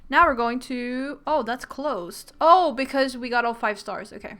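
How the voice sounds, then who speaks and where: A woman's voice: sits high, a little slow, pushed and bright. A woman giving casual game commentary, chatty, full of "like" fillers, reading on-screen text aloud. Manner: chatty, many "like" fillers, reads dialogue aloud. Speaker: game streamer.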